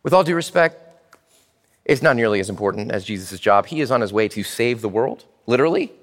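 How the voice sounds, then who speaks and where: A man preaching a sermon in church as pastor, animated and speaking directly to the children. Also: medium pitch, a little fast, long reverb tail.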